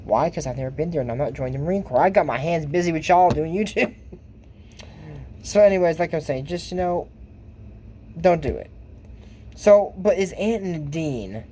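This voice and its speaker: A man's voice: a little high, expressive, normal speed, long pauses, warm tone, slight background noise. A man giving casual, rambling reaction commentary on a cartoon episode for his YouTube channel, laughing at his own jokes.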